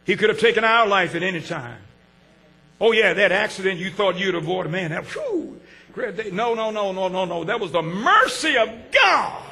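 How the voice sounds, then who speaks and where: A man, preaching a sermon with call-and-response, swinging from shouts to hushed asides. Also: high voice, big pitch swings, moderate pace, creaky, slight background noise. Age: 60s. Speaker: pastor.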